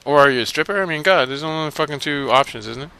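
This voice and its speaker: A man's voice: on the high side, quick pace, bright, forceful tone, clean tone. A man giving casual, profane commentary over gameplay, laughing and mocking the characters. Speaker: video game let's-play commentator.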